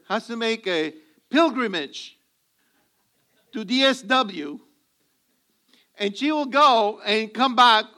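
A male pastor with a very high, bright, forceful voice preaches a sermon to his congregation. He tells funny stories and acts out snippets of dialogue.

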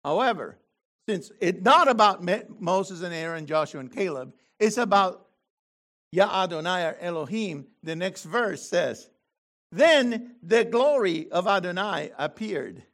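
A man preaching a sermon, reading scripture slowly and then breaking into loud, animated exclamations. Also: high-pitched.

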